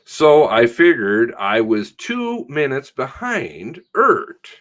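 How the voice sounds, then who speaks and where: Halting, animated police sergeant retelling. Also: male voice, medium pitch. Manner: halting, profane, self-correcting retelling. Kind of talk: recorded statement recounting an incident.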